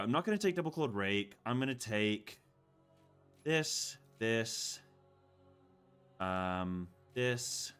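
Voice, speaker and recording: Smooth and a bit bright, this lowish male voice belongs to a game streamer who chats in a rambling, casual way and mumbles to himself while choosing options.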